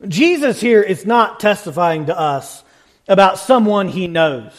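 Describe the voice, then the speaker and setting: A male preacher delivering a sermon in rhythmic, building parallel phrases, with emphatic rises to shouts at the climaxes. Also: high voice, expressive, measured pace.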